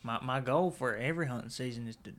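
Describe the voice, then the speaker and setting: A man's voice: mid-range voice, fast talker, a bit bright. A man in a casual chat who gives short, laid-back answers.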